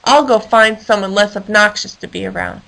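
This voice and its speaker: A woman's voice: medium pitch, normal speed, gravelly, fairly bright tone. A woman playing a lonely big hippo. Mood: grumpy. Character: big slow male hippo, gloomy and lonely.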